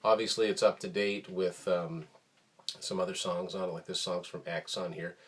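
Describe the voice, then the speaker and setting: A man hosting a casual show about his music collection, talking in a relaxed, rambling way with many ums and uhs. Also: low-pitched, moderate pace. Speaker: host of a record collection show. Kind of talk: casual show-and-tell talk.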